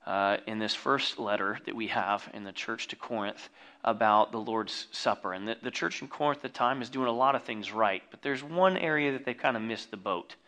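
A man preaching a sermon, reading scripture and breaking into jokey asides and loud exclamations. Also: on the low side, normal speed. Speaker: pastor.

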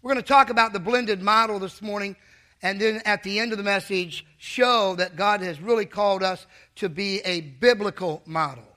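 A man's voice: sits high, moderate pace, pushed and bright. A middle-aged male pastor preaching a sermon, telling a funny story and teasing his congregation.

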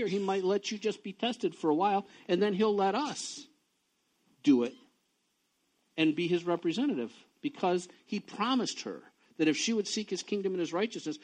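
A man preaching a sermon, reading scripture and telling personal stories, swinging from quiet low talk to loud excited bursts. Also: normal speed. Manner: reads scripture aloud between personal asides. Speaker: pastor.

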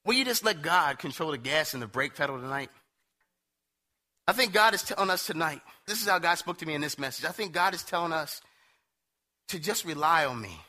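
A man preaching a sermon in a conversational, storytelling way, often slipping into quotes from others. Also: on the high side. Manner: conversational storytelling, quoting others in animated asides.

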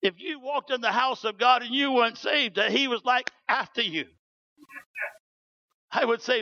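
A man from New Zealand with a New Zealand accent, preaching a sermon through animated storytelling. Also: very high-pitched, measured pace, pauses often, lo-fi sound. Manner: animated, storytelling with acted quotes.

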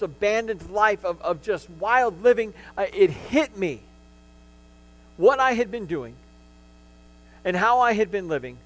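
A man's voice: sits high, a bit bright, rough recording. A middle-aged male pastor preaching a sermon, telling his personal testimony with emotion and frequent restarts.

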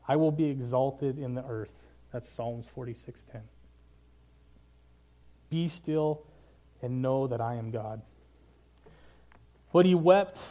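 A man's voice: medium pitch, dark tone. A man preaching a sermon in an earnest, casual way, often saying "man" and reading scripture aloud.

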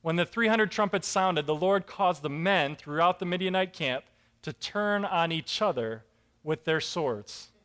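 A man preaching a sermon, telling a Bible story with lively acted-out voices and emphatic rises. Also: on the high side, a little slow. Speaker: pastor.

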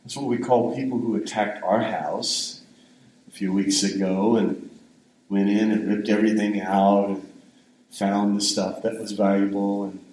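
A man's voice: lowish voice, steady tone, unhurried, a little mellow, roomy sound, slight background noise, low-quality recording. An older man giving a sermon in a conversational, rambling storytelling way. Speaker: pastor.

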